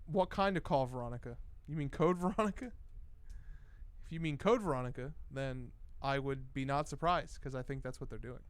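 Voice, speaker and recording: A young man chatting on a late-night stream, his voice smooth and clear and a little high. He rambles and swears as he reads the chat. The sound is dry and close. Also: no room sound. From Cuban. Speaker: livestream host.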